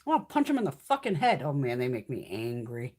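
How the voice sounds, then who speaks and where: A woman's voice: extremely low pitch, huge pitch swings, quick pace, a little mellow. A woman in her fifties hosting a casual beauty livestream, talking bluntly and swearing constantly as she rants. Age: 50s. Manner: profane, blunt ranting. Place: home, mountain area.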